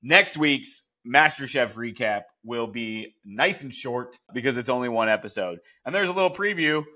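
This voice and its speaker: A man's voice: medium pitch, fairly bright tone. A man in his thirties, a podcast host giving a blunt, chatty recap of a cooking competition, swearing casually. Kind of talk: casual commentary.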